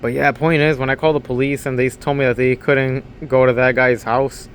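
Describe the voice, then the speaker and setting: A man's voice: medium pitch, little pitch movement, a little fast, slight background noise. A young man casually telling a story to camera, rambling, restarting sentences and quoting what others said. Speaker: vlogger and overnight convenience store clerk.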